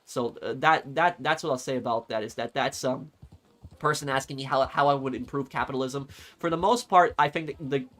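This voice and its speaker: Fast-talking man chatting on a stream. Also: medium pitch, a bit bright. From United States. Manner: rambling, repeats words while telling a story. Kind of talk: casual livestream chat.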